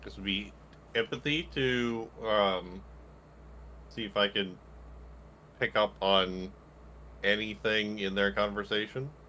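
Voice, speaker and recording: A man playing a tabletop game, talking hesitantly with many pauses. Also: on the low side, fairly even intonation, sharp tone, slight background noise, rough recording. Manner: hesitant, full of ums and pauses. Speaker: player. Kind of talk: in-character tabletop play.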